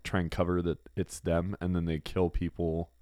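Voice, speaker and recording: Thirties male podcast co-host, deep and playful, casual banter in a dry booth. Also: flat delivery, moderate pace, dark tone, no room sound. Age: 30s. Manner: joking, playful, drops into silly voices. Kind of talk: casual chat.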